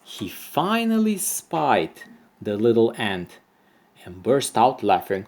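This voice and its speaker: A man reading a children's story aloud for primary pupils, expressive and lively. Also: medium pitch, slow. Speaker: storyteller, teacher.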